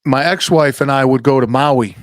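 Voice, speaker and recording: A man's voice: mid-range voice, moderate pace, dry recording. A middle-aged man hosting a podcast, chatting casually, swearing freely and telling stories. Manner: swearing, storytelling with acted-out quotes. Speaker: podcast host. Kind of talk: casual chat.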